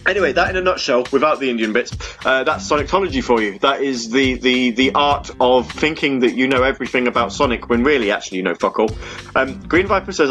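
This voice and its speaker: Rambling man with a lively voice. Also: mid-range voice, fast talker, soft background music. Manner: rambling, self-interrupting, puts on voices. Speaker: podcast host. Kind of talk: casual fan radio chat.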